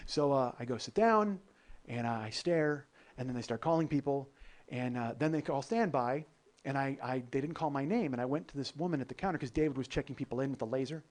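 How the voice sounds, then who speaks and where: A man's voice: medium pitch, a little fast. A man hosting a comedy podcast, telling a long travel story in a loose, profane way and often laughing at his own jokes. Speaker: podcast host.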